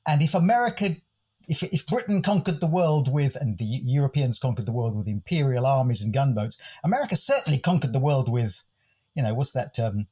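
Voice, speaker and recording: A man's voice: mid-range voice, lively intonation, fairly quick, warm tone, husky. An older man from the United Kingdom, a podcast host and interview guest, musing thoughtfully and quoting poets. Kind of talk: reflective interview talk.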